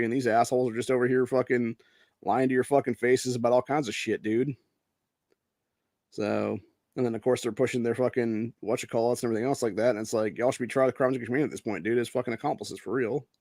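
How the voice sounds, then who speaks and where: A man's voice: mid-range voice, steady tone, quick pace, a little mellow, no room sound. A man from Ohio hosting a podcast, giving casual news commentary in a brash, profane way that is heavy on "dude.". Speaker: podcast host.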